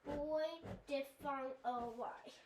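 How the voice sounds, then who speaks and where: High, slow female learner reciting drills, heard from afar in a roomy space. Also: fairly even intonation. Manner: short, tentative answers. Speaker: student. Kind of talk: answering phonics drills. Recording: roomy, distant mic with faint noise.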